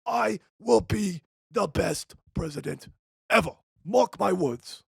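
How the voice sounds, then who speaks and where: A man playing an elderly, blunt presidential candidate in a debate parody, with a gravelly, raspy voice, stumbling at first and then slowly listing promises. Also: sits high, expressive, dry recording, studio quality, full character voice. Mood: pandering. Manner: halting start, then slow listing of promises.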